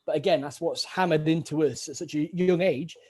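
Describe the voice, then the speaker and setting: An army veteran hosts a casual chat, swearing, joking and acting out little scenes. His voice is a little high and a little mellow, with a steady tone and a fairly quick pace.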